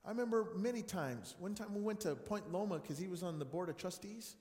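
Man, pastor, storytelling sermon, high voice, echoey church hall. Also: fairly quick. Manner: animated, acts out dialogue, swings loud and soft. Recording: echoey room with long reverb.

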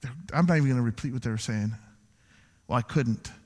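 A man's voice: medium pitch, fast talker. A pastor preaching a sermon to his church, acting out the people he quotes. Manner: animated preaching, acts out quoted voices. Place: church sanctuary. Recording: long church hall reverb.

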